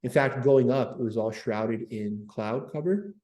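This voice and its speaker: Mellow-voiced history livestream host. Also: male voice, mid-range voice, a little slow, echoey room. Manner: lively, repeats words, jokes with viewers. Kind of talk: livestream history talk, reading chat.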